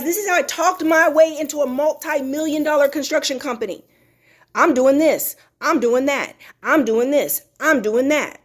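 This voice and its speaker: A woman hosts a motivational live talk in a somewhat high voice. She is emphatic and preachy, repeating key phrases for effect and reading viewer comments aloud. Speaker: motivational host.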